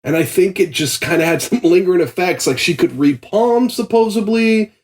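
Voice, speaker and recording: A man's voice: high voice, moderate pace. A man, a comedian guest, telling stories in casual podcast chat and laughing often. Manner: animated storytelling, laughs often.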